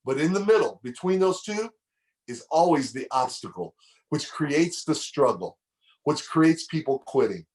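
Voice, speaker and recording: A man's voice: a little high, expressive, unhurried, a little mellow. A middle-aged man giving a motivational speech, preaching and telling a story, repeating phrases for emphasis. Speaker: motivational speaker.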